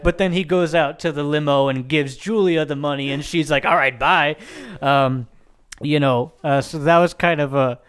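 A man's voice: fairly high pitch, steady tone, normal speed. A man casually talking over a film's ending, rambling with many fillers and swearing. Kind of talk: casual film discussion.

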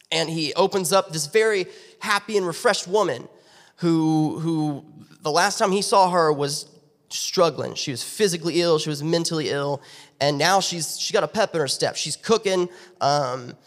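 A male youth pastor preaching, retelling a Bible story in an animated way with character voices. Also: fairly high pitch. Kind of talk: sermon storytelling. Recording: long reverb of a church hall.

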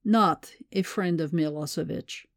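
A woman's voice: low-pitched, measured pace, no echo. Brief: woman reading a curt male spy, commanding, close and dry. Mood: stern. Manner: terse, clipped commands.

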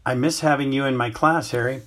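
A haughty, eccentric older woman seer who stumbles over her words with halting ums and uhs, voiced by a man reading an audiobook. The voice is husky and sits at a middling pitch. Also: steady tone, a bit bright, lightly acted.

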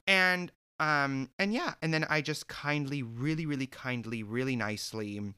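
Young man, sassy storytime, bright edgy voice, middle pitch, swears a lot. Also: moderate pace, few pauses, smooth. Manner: animated, sassy, profane and expressive. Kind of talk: storytime vlog.

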